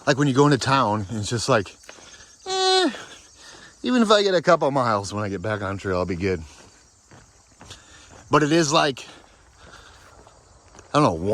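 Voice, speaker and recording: A man's voice: medium pitch, fairly bright tone. A man filming himself while hiking on a forest trail, giving an upbeat, chatty casual vlog update and often tossing in "baby". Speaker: thru-hiker vlogger. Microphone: handheld camera, selfie.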